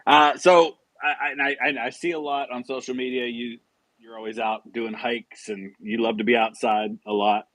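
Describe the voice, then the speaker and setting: A man's voice: mid-range voice, little pitch movement, a little slow, a bit bright, no room sound. A man hosting a casual live chat, asking questions with stammered restarts and short replies in between. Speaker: host.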